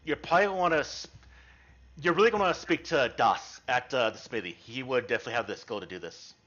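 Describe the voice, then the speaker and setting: A man's voice: medium pitch, animated, fast talker, a bit bright, dull audio, pitched below the performer's own voice. A man voicing a female village shopkeeper who is polite and matter-of-fact. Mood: helpful.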